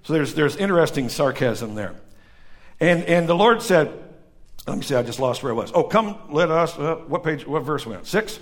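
A man's voice: fairly high pitch, lively intonation, normal speed. A man from northern Illinois farm country with a Midwestern accent, preaching a conversational sermon and joking with the congregation. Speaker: pastor. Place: church.

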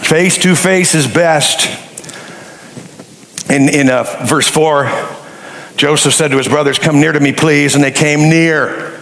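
A man preaching a sermon in a church, folksy and joking, telling animated stories to his congregation. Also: a little high, moderate pace, gravelly, echoey room, a little hiss or hum, rough recording. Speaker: pastor. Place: church sanctuary.

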